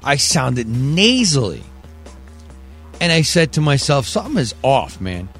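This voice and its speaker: Loud, profane male podcast host. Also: medium pitch, huge pitch swings, measured pace, soft background music. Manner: loud, profane, sing-song hype delivery. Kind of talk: casual live show banter. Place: studio.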